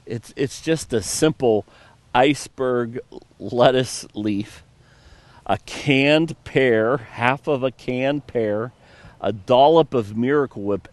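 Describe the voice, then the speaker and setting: A male pastor delivers a sermon at an unhurried pace. He mixes scripture reading with casual storytelling and light humor. The voice is mid-pitched and dry, with little room sound. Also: no room sound. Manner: storytelling, with playful asides.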